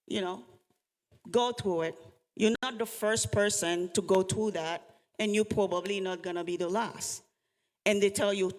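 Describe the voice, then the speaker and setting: A woman giving an earnest talk on trauma to a live audience, coaching them and asking them questions. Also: mid-range voice. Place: event hall with an audience. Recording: long hall reverb.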